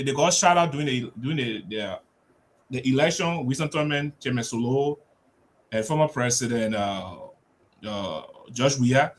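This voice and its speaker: Man, fairly high voice, casual storytelling, animated, repeats words. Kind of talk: casual storytelling on a talk show.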